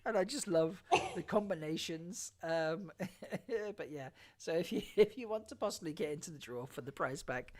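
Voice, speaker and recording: A woman's voice: low-pitched, normal speed, a little mellow. A woman hosting a casual fan talk show panel, laughing often and stumbling through her sentences.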